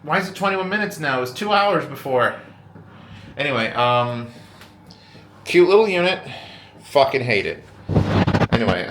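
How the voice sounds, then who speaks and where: A man's voice: medium pitch, a bit bright, a little hiss or hum. A man hosting a casual vlog from a hotel room, rambling wryly and swearing often. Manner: rambling, profane and wry. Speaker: vlogger host.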